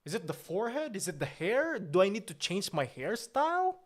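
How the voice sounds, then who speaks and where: A man's voice: high voice, big pitch swings, a little fast. A man playing a pompous, boastful, easily offended company boss on a comedic livestream, talking in an indignant, grandiose way.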